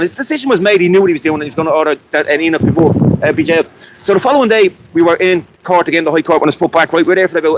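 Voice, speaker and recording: An Irish man at a street protest, speaking angrily and in a rant, with many restarts and some swearing. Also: high voice. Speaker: protester interviewed at a rally. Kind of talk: impassioned street interview. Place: outdoors at a street protest in rain and wind. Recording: loud outdoor wind and rain noise.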